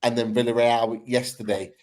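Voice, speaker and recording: A man's voice: medium pitch, little pitch movement, normal speed, darkish tone. A man hosting a casual football chat. He talks in an upbeat, rambling way and often restarts his sentences. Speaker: podcast host.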